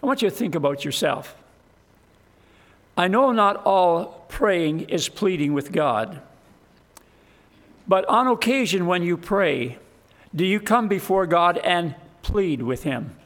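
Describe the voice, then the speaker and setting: A man with a high voice preaching a sermon at a slow, deliberate pace. He talks earnestly and emphatically, pressing his points home and rising to fervent appeals. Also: fairly bright tone.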